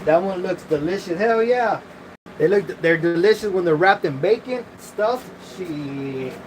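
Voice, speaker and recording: This livestream host is a man with a somewhat higher voice who talks a little slowly but expressively. His chatter is loose and full of cursing, picked up by a phone mic over faint background noise.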